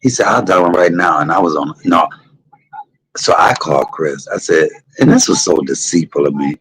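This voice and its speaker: Middle-aged guy w/ aave spilling his business on a stream, low husky gravel, cussin and gossipy. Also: normal speed, low-quality recording. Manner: candid, salty, gossipy with animated quoted voices. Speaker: live stream host. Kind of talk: casual storytelling to a live audience.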